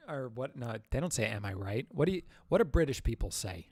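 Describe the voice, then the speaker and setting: A man hosting a casual livestream Q&A, rambling and halting through lots of fillers and self-mocking jokes. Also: medium pitch, sing-song, darkish tone, no room sound. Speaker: livestream host.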